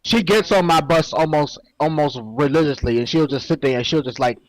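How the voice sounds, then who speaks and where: A man in his twenties co-hosting a talk show, telling a story in animated, slangy, swearing casual talk. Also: on the high side, a little fast, low-quality recording. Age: 20s. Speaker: co-host. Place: Second Life voice chat.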